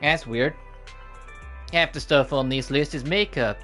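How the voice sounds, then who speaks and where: A man's voice: a little high, a little slow, sharp tone, soft background music. A man voicing a cheeky young female trucker with a twang in her voice, reading game dialogue aloud. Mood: teasing. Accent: trucker twang attempted.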